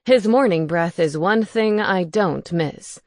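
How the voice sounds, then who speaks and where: A woman's voice: lowish voice, takes it slowly, dry recording, clean studio sound. A woman voicing a bossy, snooping male ghost housemate who teases and gets indignant. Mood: teasing, loud. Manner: teasing, indignant.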